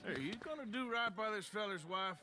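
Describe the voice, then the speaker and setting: A rugged, blunt cowboy outlaw with a terse drawl. His tone is bright and edged, heard as lines of video game dialogue. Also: high voice, lively intonation, a little fast, slight background noise, full character voice.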